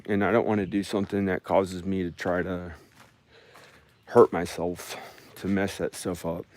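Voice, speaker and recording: A man talking into his phone in a rambling personal vlog, halting and sighing with many restarts. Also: low voice, little pitch movement, a little mellow. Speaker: vlogger. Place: at home and outdoors in the country.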